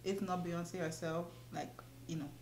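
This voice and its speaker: A woman's voice: lowish voice, fairly even intonation, unhurried, darkish tone, reverberant, slight background noise. A young woman chatting casually while doing her makeup, laughing often. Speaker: beauty vlogger. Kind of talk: casual get-ready-with-me chat.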